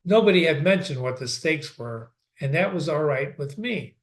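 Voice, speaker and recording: A man's voice: a little high, expressive, moderate pace. A man reading a novel aloud, stopping now and then to explain the text in a conversational way. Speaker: reader.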